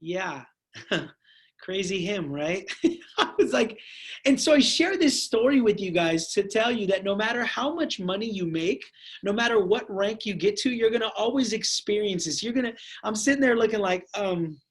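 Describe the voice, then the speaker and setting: A man giving an energetic motivational training talk to his sales team, speaking to them as "guys" and telling stories full of quoted dialogue. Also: high-pitched, moderate pace, slightly rough. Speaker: network marketing team trainer.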